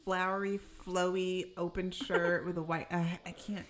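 A woman in casual chat who jumps in with quick wisecracks and laughs often. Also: fairly low pitch, little pitch movement. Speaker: podcast co-host.

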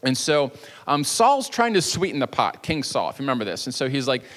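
A man's voice: medium pitch, sing-song, fairly quick, a bit bright, long reverb tail. A male pastor preaching a sermon in a church, telling a story with jokey asides and playful energy. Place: church sanctuary.

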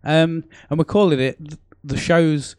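A man's voice: fairly high pitch, steady tone, unhurried, darkish tone, smooth, dry recording, studio quality. A man hosting a casual comedy podcast, jokey and teasing, laughing often at his friends. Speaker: podcast host. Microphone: podcast microphone.

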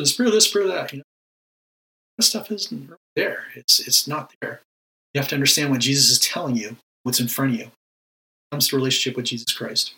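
In this casual spoken teaching on prayer, a Christian man talks emphatically, repeating words and asking rhetorical questions. His medium-pitched voice is pushed and bright, though the recording quality is poor.

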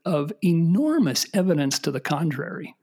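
A man's voice: a little high, sing-song, normal speed, creaky, a little mellow. A middle-aged man hosting a casual political podcast with his sons, wry and rambling, often trailing off. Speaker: podcast host and father.

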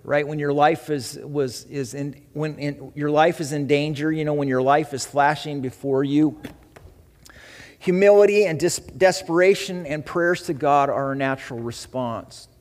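A man preaching as pastor to his church, with an animated delivery, rising for emphasis and slowing for dramatic pauses. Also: fairly high pitch, long reverb tail. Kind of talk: sermon. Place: church sanctuary.

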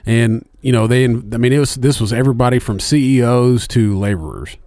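This middle-aged man has a mid-range, slightly mellow voice and talks fairly quickly. Co-hosting a podcast, he chats casually and rambles through stories, full of fillers and heavy swearing. The studio-quality recording has no echo.

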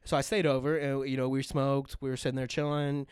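A man's voice: medium pitch, flat delivery, fairly quick, a little mellow, clear, resonant tone, dry recording, studio quality. Profane young man telling a rambling story. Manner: profane, rambling, full of fillers and restarts. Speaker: podcast co-host. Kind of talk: casual storytelling chat.

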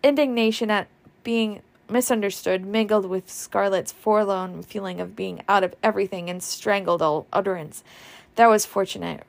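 A woman reading a novel aloud, expressive and changing her voice for the characters. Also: medium pitch, gravelly. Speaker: audiobook reader.

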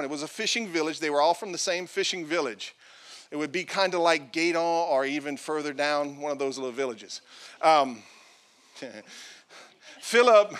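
A man's voice: high voice, fairly bright tone. A male pastor preaching a sermon, reading scripture aloud with playful asides and acted-out quotes.

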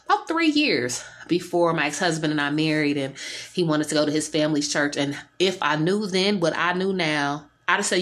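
A woman in her forties with a low, deep-set voice hosts her own show. She muses aloud and tells personal stories in a reflective way, stopping often for ums and small restarts. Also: expressive, normal speed. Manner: musing, warm-hearted storytelling with frequent ums. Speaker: host. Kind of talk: reflective solo podcast talk.

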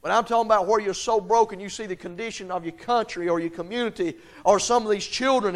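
Man, preacher, revival sermon, high voice, folksy plain grammar, quiet pleading to loud exhortation. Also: quick pace, few pauses. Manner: folksy Southern-style grammar, "ain't", "I seen".

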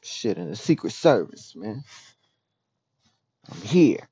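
A man giving a raw, rambling, profane confessional monologue as a podcast host, often dropping to a low murmur. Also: sing-song, slow, warm tone, husky, dry recording. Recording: dull dry lo-fi recording.

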